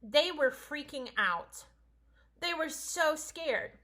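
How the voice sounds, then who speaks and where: A woman's voice: sits high, expressive, slow pace, sharp tone. A woman teaching a casual home-school science lesson, chatty, playful and encouraging.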